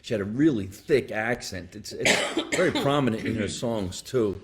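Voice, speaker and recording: A man's voice: fairly low pitch, lively intonation, moderate pace, crowd noise. A man hosting a comedy podcast live, chatting casually, joking, laughing a lot and swearing freely. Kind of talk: casual live-stream chat. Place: basement studio.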